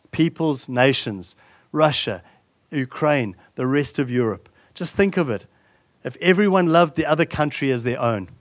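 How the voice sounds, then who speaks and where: A man preaching a sermon in an earnest style, building to emphatic repeated lines and dropping soft and slow for solemn points. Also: on the high side, dry recording, clean studio sound. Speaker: pastor.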